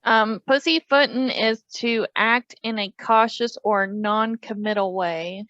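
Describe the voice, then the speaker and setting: A woman's voice: fairly high pitch, steady tone, measured pace, fairly bright tone, no echo, highs cut off. A woman co-hosting a comedy podcast, teasing dryly and reading definitions aloud. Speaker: podcast co-host.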